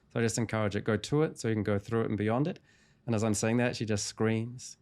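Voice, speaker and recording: Low-voiced man calmly telling a story. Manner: calm, measured retelling of client sessions. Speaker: hypnotherapist guest. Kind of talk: interview storytelling.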